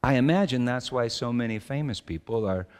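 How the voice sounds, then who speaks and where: An older pastor preaches in a relaxed, storytelling way, pausing with ums and restarting lines. His middle-pitched voice carries a long reverb, as in a large church sanctuary. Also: clear, resonant tone. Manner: conversational and storytelling, with fillers and restarts. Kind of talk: sermon.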